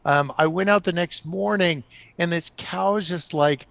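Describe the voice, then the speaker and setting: A middle-aged man telling stories on a podcast as a guest, animated and often laughing. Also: high voice, moderate pace, vocal fry, dry recording. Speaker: guest author. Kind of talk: casual storytelling on a podcast.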